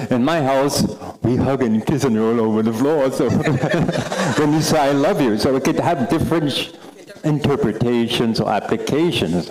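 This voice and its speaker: A man with a Bahamian accent presenting a workshop to a live audience, animated and teasing, repeating phrases for emphasis. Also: mid-range voice, low-quality recording. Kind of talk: interactive workshop talk. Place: meeting room with live audience.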